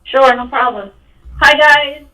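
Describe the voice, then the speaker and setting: A woman co-hosting a live trading stream, reading the welcome and follow reminders in a brisk, friendly way. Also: high voice, pushed and bright. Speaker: co-host and moderator. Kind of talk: scripted stream announcement.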